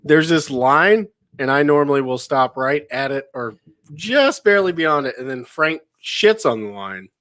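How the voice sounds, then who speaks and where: A man's voice: fairly high pitch, animated, a little slow, a bit bright, no room sound. A man co-hosting a podcast in casual chat, telling rambling stories with frequent chuckles. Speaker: podcast co-host.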